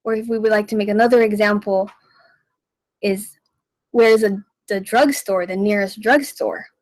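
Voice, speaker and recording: A woman hosting a radio language lesson, teaching slowly and repeating each phrase so listeners can follow. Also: mid-range voice, steady tone, darkish tone, dry recording, rough recording. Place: radio studio.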